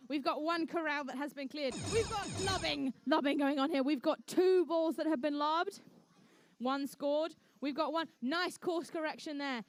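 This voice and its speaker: Kiwi lady calling a robot comp, high voice, joking around, dry close sound. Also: no echo. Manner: playful, jokey, chatty with teams. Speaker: event emcee and commentator. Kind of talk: live competition commentary. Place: indoor conference venue.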